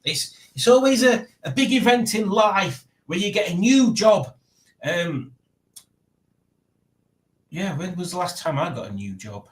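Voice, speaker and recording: A man's voice: high-pitched, animated, a little slow, pauses often, roomy sound. A man hosting a live-stream quiz in casual chat, rambling and jokey as he reads viewer comments aloud.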